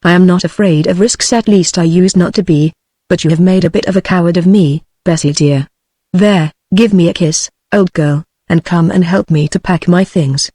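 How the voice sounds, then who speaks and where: A woman's voice: fairly low pitch, normal speed, mellow, no room sound, clean studio sound, natural voice. A text-to-speech woman's voice with a British accent, voicing a young English officer in a novel, practical and reassuring.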